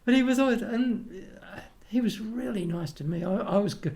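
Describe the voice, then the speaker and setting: An older man with an Australian accent chats easily, spinning one anecdote into the next. His voice sits a touch high and carries a gravelly crackle. He often loops back and restarts his sentences before carrying the story on. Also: normal speed, darkish tone. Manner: rambling anecdotes with frequent restarts and laughs. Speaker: guest, retired opera tenor. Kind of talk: casual chat, storytelling.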